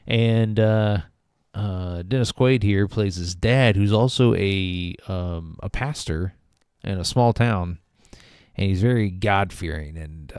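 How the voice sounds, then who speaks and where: A man's voice: low voice, a little mellow, no room sound, clean studio sound. A man hosting a casual spoken film review, rambling with many fillers and restarts. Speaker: movie review host.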